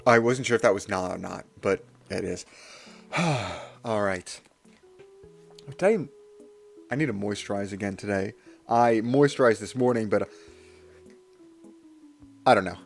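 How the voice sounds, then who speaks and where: A man's voice: on the low side, unhurried, gravelly, pauses often, soft background music. A young man livestreaming, doing a playful mock-villain rant in casual chat, with frequent restarts. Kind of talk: casual live-stream rant.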